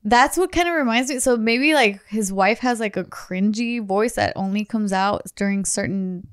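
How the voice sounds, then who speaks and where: A woman's voice: medium pitch, moderate pace, smooth, dry recording, clean studio sound. A young adult woman co-hosting a chat podcast, talking eagerly with lots of "like" as she explains things. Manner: chatty, full of 'like', explains eagerly. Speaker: podcast co-host. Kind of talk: casual chat.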